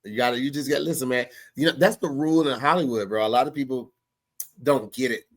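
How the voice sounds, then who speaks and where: A man's voice: medium pitch, fast. A man in casual comedic podcast banter, laid-back and lecturing like a mentor.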